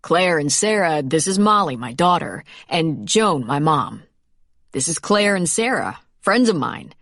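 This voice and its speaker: A polite, easygoing father makes introductions in a storybook romance, a woman narrator reading his part. The voice stays low-ish and plain, recorded dry and near. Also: very animated, unhurried, fairly bright tone, no room sound, heavily acted.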